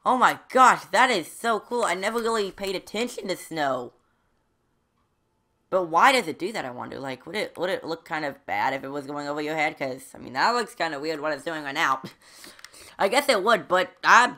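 A woman's voice: deep voice, normal speed, bright, forceful tone. A woman giving rambling let's play commentary as a gaming channel host, talking to herself as she plays and breaking into sudden squeals and yelps. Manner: chatty, rambling, talks to herself while playing.

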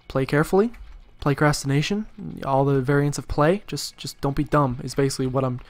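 A man's voice: on the high side, fairly even intonation, moderate pace, a bit bright. A man giving casual gameplay commentary, rambling and self-deprecating with jokey asides. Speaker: let's play commentator.

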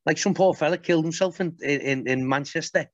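A man's voice: a little high, brisk, no echo. A man, a podcast guest telling stories in casual chat, blunt and sweary. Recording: dull, muffled podcast audio.

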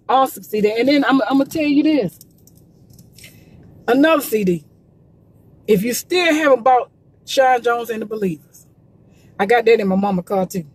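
A woman's voice: a little high, husky. A woman promoting gospel music in a casual livestream, urging listeners with emphatic, repetitive preachy calls.

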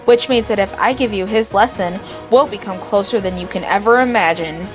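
A brash female fish warrior who leads the royal guard talks bluntly and boasts, with gruff bursts of temper, as a woman reads her lines in a game. Her voice sits at a middling height, and soft game music plays under it. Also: mid-range voice, brisk, close to an everyday voice. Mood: fired up. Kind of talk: reading game dialogue aloud.

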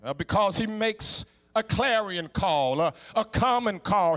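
A middle-aged man with a Southern US accent preaching in a Black church, emphatic, stammering repeats, a sing-song cadence that swings from hushed to shouting. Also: high-pitched, expressive, a little slow, in a large hall. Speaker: guest preacher. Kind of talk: Black church sermon with call and response. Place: church sanctuary.

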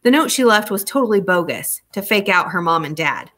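A woman's voice: medium pitch, expressive, brisk, fairly bright tone. A woman reading a novel aloud, narrating in a casual, conversational first-person way. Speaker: audiobook reader.

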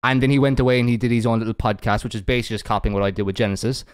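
A man hosting a casual podcast chat, ranting with heavy swearing and quick to laugh. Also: medium pitch, level tone, clean tone. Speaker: podcast host.

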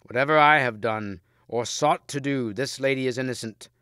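A man's voice: mid-range voice, normal speed, bright, forceful tone, dry recording, clean studio sound, lightly acted. A man voicing an earnest noble knight, formal and raised. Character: noble knight, courteous, proud and grieving.

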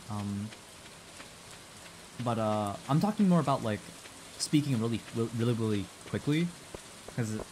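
Rambling young male streamer, lively pitch. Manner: rambling, restarts often, swears, reads chat aloud. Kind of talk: casual live-stream chat. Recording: steady background noise.

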